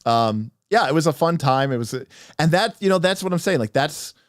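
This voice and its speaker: A man narrating a tabletop game story on a livestream as game master, animated and rambling with restarts. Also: on the high side, brisk, no room sound, clean studio sound.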